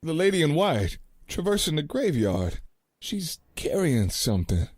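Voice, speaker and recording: A man voicing a rough frontier gunman in a radio play, talking bluntly in folksy slang. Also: a little high, big pitch swings, unhurried, darkish tone, no room sound, clean studio sound. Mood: plain. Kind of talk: community radio play acting.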